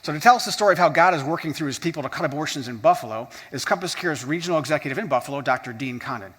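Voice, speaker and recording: A man's voice: a little high, expressive, rapid-fire, a bit bright, breathy edge, in a large hall. A man giving an emphatic fundraising speech as a ministry speaker, building each point with the same repeated opening.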